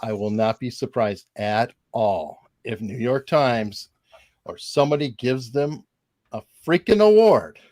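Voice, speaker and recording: A man hosting a casual legal panel over a video call, animated and joking. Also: mid-range voice, no room sound, studio quality. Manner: animated, laughing, quick asides. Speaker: host.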